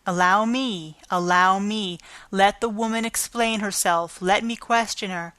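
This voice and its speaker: A woman reading an audiobook, voicing a calm, authoritative male theatre manager. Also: mid-range voice, measured pace, dry recording, close to an everyday voice. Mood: commanding. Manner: calm, commanding, amused.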